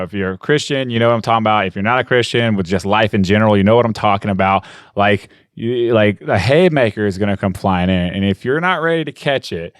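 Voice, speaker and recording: A man with a lowish voice tells a rambling personal story in casual podcast style. He keeps asking if you follow him and laughs as he goes. The sound is dry and close. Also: no echo. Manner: rambling, frequent "you know what I mean"; laughs often while talking. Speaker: podcast host.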